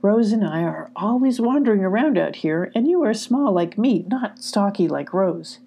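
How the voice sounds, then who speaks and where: Sweet small girl dog, soft and reassuring as a woman reads her, warm tone. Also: mid-range voice, lively intonation, normal speed, husky. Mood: gentle. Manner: gentle, reassuring. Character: small gentle female dog with flowers in her fur.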